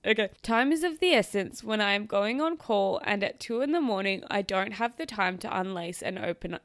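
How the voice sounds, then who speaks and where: A young woman hosts a casual podcast, reading stories aloud and breaking in with sarcastic, chatty remarks. Her voice sits at an ordinary pitch and is close to the mic. The sound is dry, with no room echo. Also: animated, normal speed, hardly any pauses. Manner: chatty, sarcastic asides, swears, laughs easily. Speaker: podcast host.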